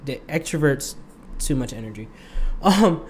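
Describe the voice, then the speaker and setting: A man's voice: on the high side, expressive, measured pace, darkish tone, slight background noise. A young man hosting his own podcast, talking casually in a rambling way and laughing often. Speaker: podcast host. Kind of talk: casual solo podcast monologue.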